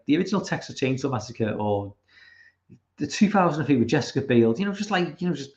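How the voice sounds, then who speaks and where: A young man hosting a livestream, reading chat and ranting casually with lots of swearing and restarts. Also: fairly high pitch. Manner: rambling, swearing, many restarts. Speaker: livestream host. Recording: roomy, dull lo-fi sound.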